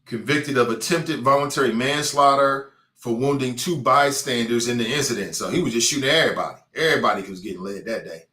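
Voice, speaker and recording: A man's voice: mid-range voice, brisk, sharp tone, echoey room. A man hosting a talk show with a Cincinnati accent, delivering a blunt, mocking, streetwise opinion monologue.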